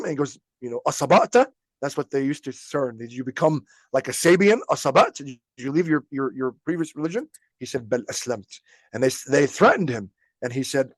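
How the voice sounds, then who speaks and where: A man's voice: mid-range voice, animated, fairly quick, no echo. A man hosting a podcast, teaching religious history in a casual storytelling way, acting out quotes and laughing at times. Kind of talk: informal religious lesson.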